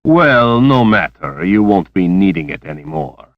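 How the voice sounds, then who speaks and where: A man voicing a cruel, gloating torturer who speaks slowly and menacingly. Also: low voice, big pitch swings, dry recording. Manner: slow, smug and menacing. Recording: dull lo-fi cassette recording.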